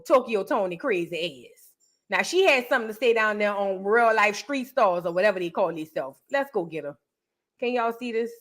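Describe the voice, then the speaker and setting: A young woman with a fairly high voice rips through celebrity gossip, brash and profane. Her delivery is sassy and mocking, full of loud asides to her viewers. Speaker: reaction video host.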